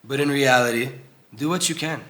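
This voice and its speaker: A man's voice: medium pitch, a little fast, pushed and bright. A young man teaching an informal Torah class in an old synagogue, earnest and conversational, acting out voices when he quotes people.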